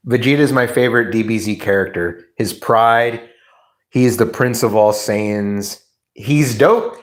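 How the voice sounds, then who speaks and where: A man's voice: fairly low pitch, measured pace. A man hosting a livestream, chatting casually and acting out comedy bits he knows by heart. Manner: animated, laughing, reciting comedy bits. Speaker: livestream host. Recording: roomy echo.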